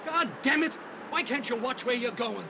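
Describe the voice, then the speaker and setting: Yelling jackass driver. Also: male voice, extremely high pitch, normal speed, vocal fry. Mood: angry. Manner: yelling, insulting. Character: rude loudmouthed man yelling in traffic. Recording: film clip with street noise.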